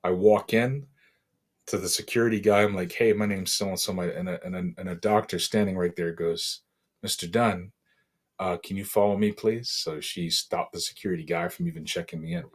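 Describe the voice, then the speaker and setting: A middle-aged man from Boston, a podcast guest, telling a painful personal story in a halting, emotional way with many fillers. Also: deep voice, animated, husky. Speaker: interview guest.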